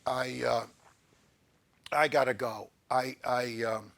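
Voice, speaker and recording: A man hosting a comedy show, talking deadpan and halting, full of pauses and fillers. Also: mid-range voice, vocal fry. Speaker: host.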